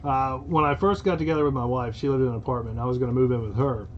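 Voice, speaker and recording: A man's voice: medium pitch, quick pace, highs cut off, a crowd in the background. Profane Kentucky man telling a story. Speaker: podcast co-host. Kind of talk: casual podcast storytelling.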